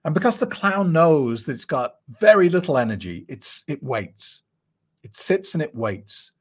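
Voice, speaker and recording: A man's voice: a little high, big pitch swings, normal speed. A middle-aged man coaching on quitting drinking, giving earnest, emphatic advice in reply to a listener's email. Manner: earnest, emphatic, conversational with repetitions.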